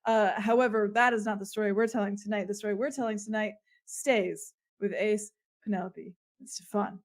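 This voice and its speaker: Brief: hesitant rambling woman improv narrator, mid pitch. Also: steady tone, normal speed. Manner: rambling, hesitant with many fillers. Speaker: improv storyteller.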